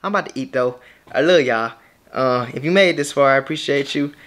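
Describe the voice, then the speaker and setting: A man's voice: medium pitch, fairly quick, fairly bright tone, dry recording. A young man vlogging from his car, complaining in an overblown, melodramatic way. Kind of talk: casual vlog.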